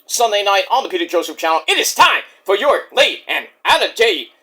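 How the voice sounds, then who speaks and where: A man hosting a casual, profane wrestling review, jokey and animated, who keeps breaking into impressions. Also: high-pitched, a little fast. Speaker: wrestling reviewer, channel host.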